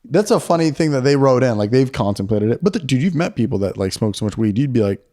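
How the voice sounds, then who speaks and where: A man's voice: medium pitch, lively intonation, fast talker, mellow. Laid-back young man, crude jokes. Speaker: podcast co-host. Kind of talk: casual comedy chat.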